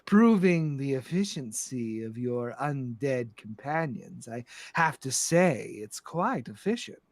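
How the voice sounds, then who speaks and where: Guy voicing a sly old granny boss, slow, quiet, sweetly menacing. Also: mid-range voice, expressive, no room sound, voice pushed down. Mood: sly polite. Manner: slow, soft, purring politeness.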